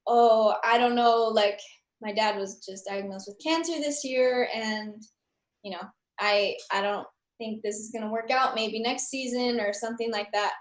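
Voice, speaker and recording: Jeune femme aiguë, salle qui résonne. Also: female voice, fairly high pitch, moderate pace, echoey room. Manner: chatty, animated, with many fillers. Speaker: interview guest. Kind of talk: casual interview storytelling.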